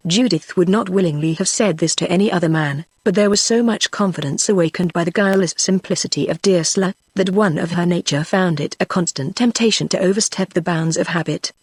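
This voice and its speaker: A text-to-speech voice narrating a classic novel in an even synthetic manner. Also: mid-range voice, brisk, hardly any pauses, slightly rough, no echo. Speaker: audiobook narrator.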